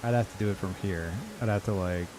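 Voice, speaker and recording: A man's voice: low-pitched, quick pace, noisy background. A man streaming a game live, reacting in disbelief, swearing often and laughing a lot. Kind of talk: live gameplay commentary.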